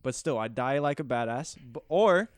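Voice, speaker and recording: A man's voice: medium pitch, lively intonation, normal speed, no echo, studio quality. A man hosting a casual chat, playfully spinning boastful what-if scenarios. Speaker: podcast host.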